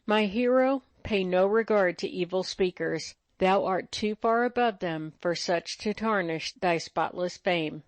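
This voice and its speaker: A man's voice: high-pitched, very animated, a little slow, creaky, few pauses, no echo, voice pushed up, full character voice. A woman voicing a hearty medieval king who speaks with authority in archaic speech.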